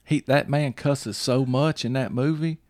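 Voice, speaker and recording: In clean studio sound with no room noise, a man speaks in a steady, darkish, medium-pitched voice at a slightly slow pace. He hosts a rambling, repetitive casual chat, regularly asking "you see what I'm saying" to confirm the listener is following.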